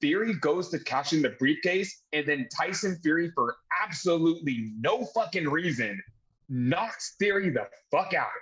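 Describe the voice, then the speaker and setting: A man from the United States hosting a casual wrestling review chat, excitable and swearing freely. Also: a little high, moderate pace, slightly rough, low-quality recording. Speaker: podcast host.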